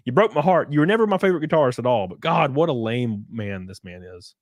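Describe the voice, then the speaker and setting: A man's voice: medium pitch, animated, fast talker, hardly any pauses, no room sound. Sarcastic ranting male streamer. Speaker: livestream host. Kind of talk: livestream commentary rant.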